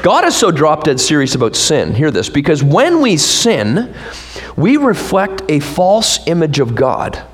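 A man preaching a sermon as pastor, animated, with rhetorical questions and joking asides to the congregation. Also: on the high side, measured pace.

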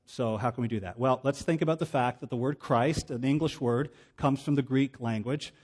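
A man's voice: mid-range voice, moderate pace, darkish tone, slightly rough. Plain-spoken male pastor preaching. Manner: plain-spoken, conversational teaching with asides. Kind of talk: sermon.

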